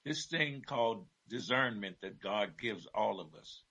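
This is a man with a gravelly, somewhat husky voice and a strikingly bright tone. He talks casually about faith as a church teacher and keeps chiming in with short affirmations. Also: on the low side, expressive, unhurried, poor audio. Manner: affirming, interjects often.

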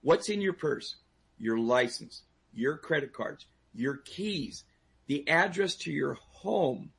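A gravelly, husky-voiced man, somewhat high for a man, lectures a talk show audience on personal safety. He talks emphatically, stumbles into restarts, and keeps firing questions at the listeners. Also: expressive, takes it slowly, fairly bright tone. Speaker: personal safety instructor, guest.

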